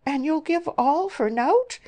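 Woman putting on older countrywoman, shrill, scolding. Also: animated, a little slow, a little mellow. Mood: incredulous.

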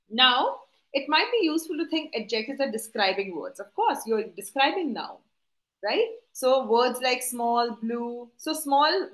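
A woman's voice: fairly high pitch, a bit bright, roomy sound, rough recording. A woman teaching a live online class, coaxing answers with repeated questions and tag questions.

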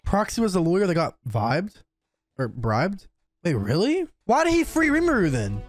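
A man hosting an anime reaction, talking casually and excitably, swearing and yelling at the screen. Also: high-pitched, moderate pace. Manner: excitable, profane, yells at the screen.

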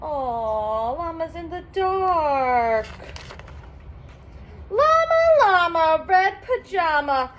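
A woman's voice: extremely high pitch, big pitch swings, very slow, a bit bright, muffled recording. A woman reading a children's picture book aloud in a sing-song, teacherly way, stopping to explain words to young listeners. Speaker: storybook reader for children.

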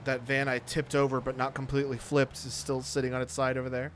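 A man's voice: medium pitch, monotone, fast, a bit bright. A male streamer with a mid-range voice talks casually while he plays, teasing and bragging for laughs. He sits right up on his microphone, and a faint noise hums underneath. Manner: joking, mock-boastful. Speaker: streamer playing the game. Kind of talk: casual gameplay chat. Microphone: close to the mic.

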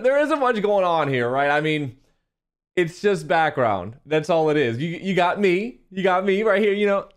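A man giving casual video game commentary, rambling and chatty, often stumbling and repeating his words. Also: high voice. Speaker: gaming YouTuber. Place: home recording setup.

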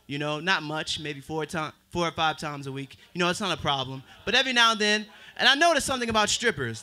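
A young man performing a stand-up comedy set on an open mic stage. He talks in a self-deprecating way, with drawled asides. His voice is high and very bright. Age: 20s.

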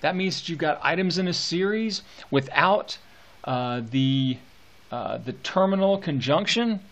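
A man's voice: fairly high pitch, expressive, measured pace, a bit bright. A male teacher lecturing on poetry with enthusiasm, reading verse aloud with relish.

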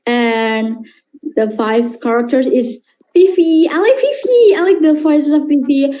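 Slow, halting, high-voiced woman. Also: steady tone, highs cut off. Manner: halting, searching for words; soft-spoken and shy. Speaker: voice dubber showing her characters.

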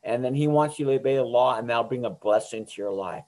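A man's voice: medium pitch, quick pace, a little mellow. Earnest man teaching a youth Bible lesson. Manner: earnest, informal, frequent "okay?" checks and restarts. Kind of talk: recorded Bible lesson for teens.

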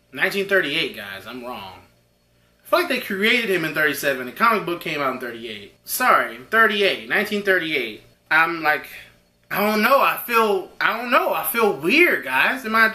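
Excitable high-voiced man in echoey room. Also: normal speed. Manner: excitable, rambling, talks to viewers as guys. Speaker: unboxing video host. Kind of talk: casual unboxing chat.

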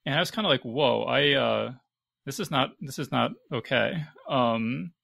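A man with a gravelly yet bright voice hosts a podcast chat. He asks thoughtful, probing questions and works through his thoughts aloud. The sound is close and dry. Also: mid-range voice, normal speed, no room sound. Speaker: podcast host. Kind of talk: casual discussion.

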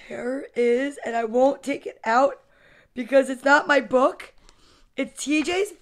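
Woman, storytime host, chatty, gushing, high voice, unhurried. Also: a bit bright. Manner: gushing, chatty, greets viewers by name. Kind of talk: casual livestream book reading.

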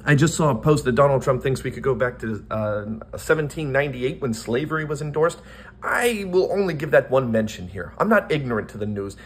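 A man's voice: mid-range voice, lively intonation, a little fast. A man from the United States delivers impassioned commentary in a mid-range voice. He talks in an earnest, rousing way, stacking phrase after phrase in long lists. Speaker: online commentator.

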